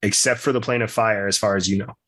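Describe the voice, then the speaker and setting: A man's voice: lowish voice, steady tone, fast, fairly bright tone. A man running a tabletop game, explaining the rules casually and swearing now and then. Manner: casual, swears freely, laughs between points. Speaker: game master.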